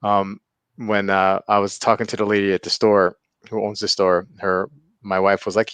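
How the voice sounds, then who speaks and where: A man's voice: fairly low pitch, level tone, normal speed, fairly bright tone, smooth, no room sound. A man hosting a casual livestream, greeting viewers by name and chuckling often. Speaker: livestream host.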